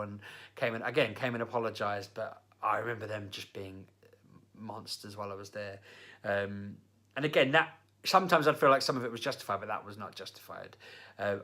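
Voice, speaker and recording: Young guy vlogging, bright tense voice, chatty and rambly. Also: on the low side. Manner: rambling, animated anecdotes with fillers. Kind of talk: casual storytelling to camera.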